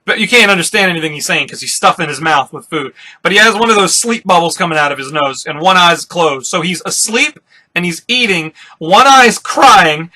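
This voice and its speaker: A young man reads a comic aloud in a rambling, offhand way, swearing and chuckling between panels. His voice sits high and sounds bright and sharp. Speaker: comic reaction host. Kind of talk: casual reading reaction.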